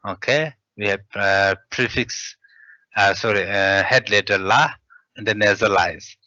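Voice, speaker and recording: A male language teacher works through syllables one at a time, halting and patient. His voice is bright and his pace very slow. The recording is dry and a little muffled. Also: fairly low pitch, no echo. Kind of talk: spelling out syllables in a lesson. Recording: dull lo-fi sound.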